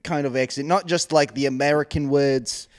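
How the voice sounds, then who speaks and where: A man's voice: fairly high pitch, fairly even intonation, normal speed. Profane, joking man on a podcast. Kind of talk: casual podcast banter.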